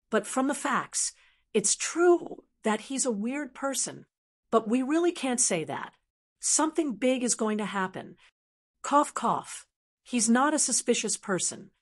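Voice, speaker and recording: A woman's voice: fairly high pitch, very animated, a little slow, voice pushed up. A woman voicing a hesitant, flustered young male commander who stammers as he explains.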